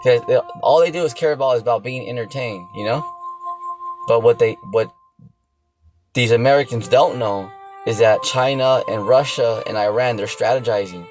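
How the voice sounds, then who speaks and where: A man's voice: medium pitch, moderate pace, faint music behind, poor audio. Blunt, profane man preaching off the cuff. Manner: blunt and profane, keeps asking "see that?" and "you know?". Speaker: religious teacher.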